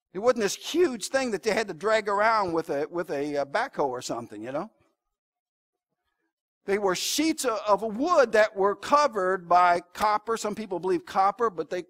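A man's voice: high-pitched, a bit bright. A man preaching a sermon in a church, conversational and storytelling, with emphatic rises and asides to the congregation. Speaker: pastor. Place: church sanctuary.

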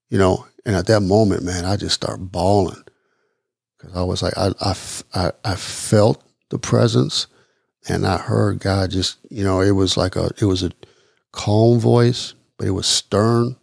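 A middle-aged man from the Midwest of the United States, telling his personal story as a podcast guest in an earnest, halting way, repeating words as he goes. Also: deep voice, fairly even intonation, creaky, a little mellow, breathy edge, no room sound, studio quality. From East Chicago, Indiana. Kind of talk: personal testimony interview.

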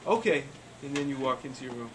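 A man patiently narrating a tabletop game for children as game master, with halting restarts, in a noisy room recording. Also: medium pitch. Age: adult. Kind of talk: running a tabletop game for kids. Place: school club room.

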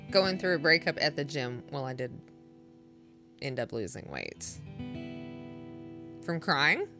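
A young woman streaming music, chatting with her viewers in a flat, deadpan, monotone way. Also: low-pitched, takes it slowly. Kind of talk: casual chat with live chat.

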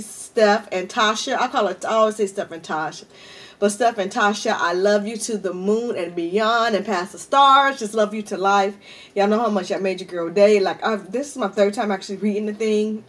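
A woman's voice: medium pitch, poor audio. Chatty woman vlogger talking while eating. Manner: chatty, addresses viewers often as "y'all". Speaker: mukbang vlogger. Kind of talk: casual storytelling while eating. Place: at home.

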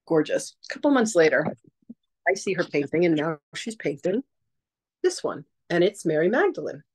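A woman teaching a casual masterclass, telling stories in a chatty, animated way and acting out quotes. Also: on the low side, moderate pace, breathy edge, rough recording. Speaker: psychic teacher.

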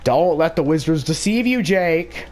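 A man's voice: a little high, expressive, measured pace, soft background music. A man voicing a bossy, scheming cartoon candy princess in a Minecraft role-play, rambling with many fillers.

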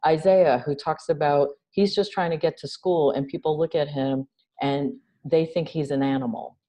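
Brief: woman guest from New York City, low warm voice, animated interview talk. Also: moderate pace. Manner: animated, acts out quoted dialogue, frequent "right?". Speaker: interview guest, nonprofit founder. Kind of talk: conversational interview.

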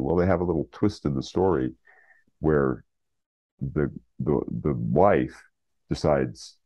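A man's voice: extremely low pitch, normal speed, no echo. A man retelling a story as an interview guest, rambling with fillers and restarts. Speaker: guest, writer. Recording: slightly dull lo-fi recording.

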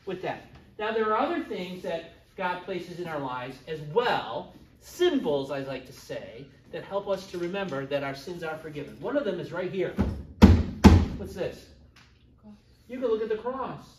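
A man's voice: high-pitched, lively intonation, moderate pace, background noise. A middle-aged man teaching a church confirmation class in a chatty way, joking with his students. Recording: echoey room, far from the mic.

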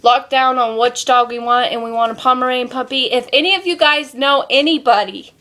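High-voiced young woman rambling casually. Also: brisk, pushed and bright. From Colorado, USA. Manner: rambling, chatty, many ums, loose and sweary. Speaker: vlogger. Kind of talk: casual home vlog. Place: home.

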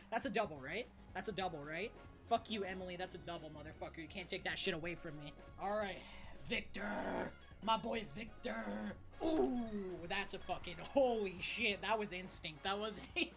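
A woman streamer swearing and muttering at a baseball video game as she plays, exasperated and a bit out of breath. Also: mid-range voice. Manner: profane, exasperated, talks to the game. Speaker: gaming streamer. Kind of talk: casual gameplay commentary.

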